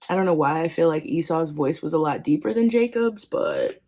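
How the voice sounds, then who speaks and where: A woman's voice: deep voice, expressive, brisk, warm tone. A woman hosting a podcast, casually retelling a Bible story with slangy, joking asides. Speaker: podcast host.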